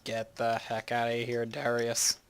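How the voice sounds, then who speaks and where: A man's voice: medium pitch, monotone, a little slow, clear, resonant tone. A young man from the northeastern United States, rambling and chatty with many restarts as he narrates his game. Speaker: gamer. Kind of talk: casual game commentary.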